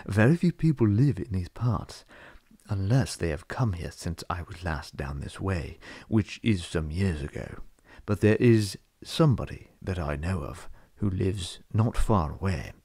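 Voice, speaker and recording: A man reading as a stern old wizard, low and dark. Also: lively intonation, breathy edge, dry recording, heavily acted. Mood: grave. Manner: measured, cross, lecturing.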